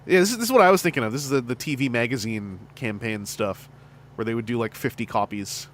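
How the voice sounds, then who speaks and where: A Canadian man around forty chatting casually on a livestream, animated and laughing often. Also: medium pitch, quick pace, a little hiss or hum. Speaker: streamer host and fan voice actor.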